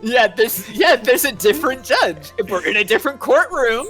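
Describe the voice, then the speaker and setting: Giggly chatty woman, high bright voice, takes her time. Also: sing-song, moderate pace, faint music behind. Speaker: co-player. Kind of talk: casual group chat over a game.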